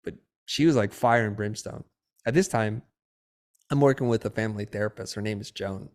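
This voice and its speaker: Middle-aged male guest, animated storyteller acting out dialogue. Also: lowish voice, a little fast. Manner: lively storyteller who acts out quoted dialogue. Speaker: podcast guest, designer and educator.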